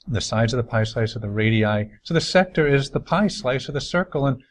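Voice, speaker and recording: A man's voice: medium pitch, lively intonation, a little fast. A man from New York, a math teacher, giving a recorded lesson over slides in an upbeat, chatty way with folksy asides.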